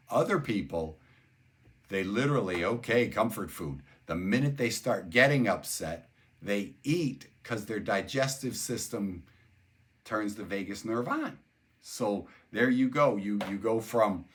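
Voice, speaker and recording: An older man talking as a neuroscience educator, conversational and explanatory, repeating words and spelling out terms as he goes. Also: fairly low pitch. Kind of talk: explanatory talk.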